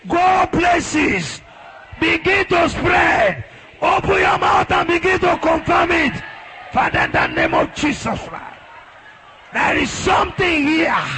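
A husky, strained pastor leads his flock in prayer, his voice high and swinging widely as he shouts out declarations over the hum of a crowd. He drags his words out slowly and forcefully, pressing each line home with a sharp, bright edge. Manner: exhorting, shouting out prayers to a congregation. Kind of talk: sermon.

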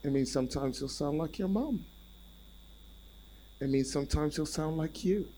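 A male preacher giving a sermon in an animated, repetitive way and calling out to the congregation. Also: fairly high pitch, normal speed, faint music behind, low-quality recording.

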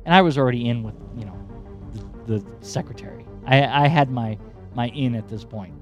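A man hosting a podcast, telling a personal story in a rambling, animated, profane way. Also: mid-range voice, brisk, highs cut off, soft background music. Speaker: podcast host.

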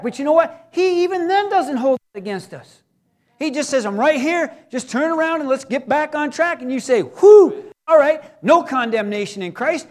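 A man preaching a sermon, talking to the congregation in a conversational way and breaking into loud acted cries. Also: very high-pitched. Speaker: pastor.

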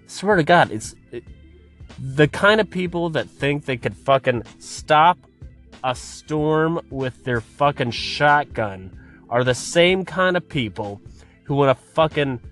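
A man hosting a podcast, delivering a profane comedic rant in an exasperated, swearing manner. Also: on the high side. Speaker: podcast host.

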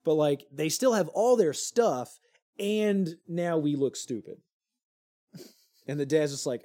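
Podcast co-host, young adult male, relaxed dark tone, loose animated storyteller. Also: a little high, moderate pace. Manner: animated retelling with lots of fillers and crude jokes. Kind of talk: casual storytelling chat.

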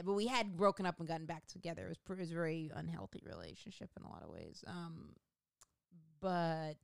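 Gravelly low-voiced woman comedian. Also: no echo, studio quality. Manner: rambling, profane, self-mocking. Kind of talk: casual storytelling monologue.

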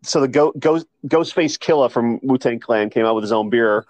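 A man's voice: medium pitch, moderate pace, dry recording. A man co-hosting a podcast, laughing along and asking follow-up questions in casual chat. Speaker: podcast co-host.

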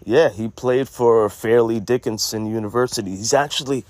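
A man's voice: mid-range voice, normal speed, a little mellow, dry recording. A man co-hosting a podcast, telling a story in casual, joking banter and repeating names as he goes. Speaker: podcast co-host.

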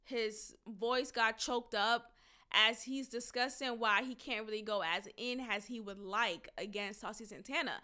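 A woman hosting a solo commentary podcast, talking in an emphatic, drawn-out, deliberate way. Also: a little high, steady tone, pushed and bright, clean tone. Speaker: podcast host.

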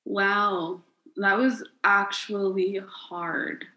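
A woman from the United States in casual chat, guessing words with quick, jokey humor. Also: mid-range voice, little pitch movement, sharp tone. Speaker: guesser in a word game. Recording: echoey room.

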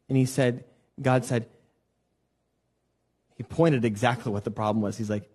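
A man's voice: mid-range voice, moderate pace, pauses often. A man preaching a conversational sermon as a worship pastor, telling stories and acting out the voices of the people he quotes. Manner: animated storytelling, acts out quoted voices. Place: church sanctuary.

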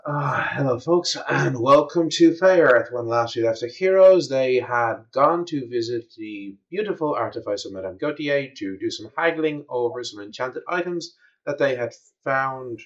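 A man's voice: medium pitch, normal speed. A man running a tabletop game on stream as game master, narrating in an enthusiastic, playful way. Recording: dull lo-fi stream audio.

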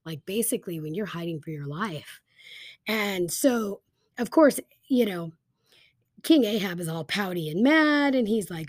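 A woman casually retelling a Bible story as a teacher, chatty and animated, with lots of fillers. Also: mid-range voice, unhurried, dry recording, clean studio sound.

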